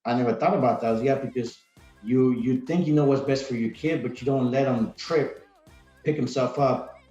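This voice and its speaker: A man's voice: mid-range voice, normal speed, dark tone, faint music behind. A man about forty, a retired Marine guest on a podcast, telling stories in a rambling, casual way full of restarts. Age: 40s. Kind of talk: casual interview chat. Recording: roomy, dull sound.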